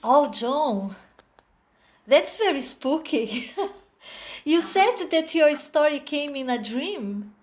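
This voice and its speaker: Over a video call, a woman with a Brazilian Portuguese accent tells a story slowly and hesitantly, scattering many little fillers throughout. Her expressive voice sits high.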